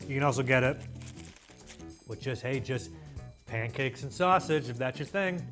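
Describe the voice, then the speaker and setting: Excitable man hosting a food show. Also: medium pitch, normal speed, long pauses, music in the background. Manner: playful and excitable, mock-dramatic asides. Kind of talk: casual food review to camera.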